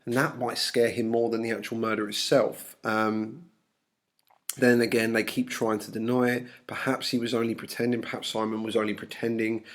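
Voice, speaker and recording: A man's voice: medium pitch, flat delivery, normal speed, fairly bright tone. A man teaching an English lesson, explaining a novel with frequent ums and uhs.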